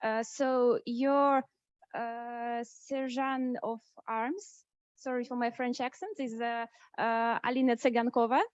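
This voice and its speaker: Halting high-voiced woman chairing a contest. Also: fairly even intonation, dry recording. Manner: halting, many fillers and restarts. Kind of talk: hesitant meeting chairing. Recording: dull lo-fi sound.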